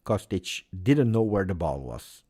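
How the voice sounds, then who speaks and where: A fan channel host with a low, sing-song voice hosts a live match watch-along, unhurried and warm. He reacts emotionally and pleads with the players.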